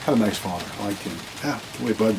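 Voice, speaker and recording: A man's voice: on the low side, fast, noisy background. A man giving blunt dating advice in a casual monologue to camera, rambling, restarting sentences and repeating words.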